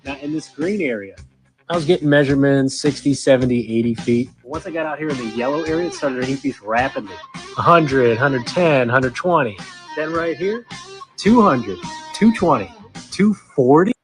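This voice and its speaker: A man's voice: mid-range voice, normal speed. Man narrating over guitar music. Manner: steady, counting off measurements. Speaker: video narrator. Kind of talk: explaining a demonstration.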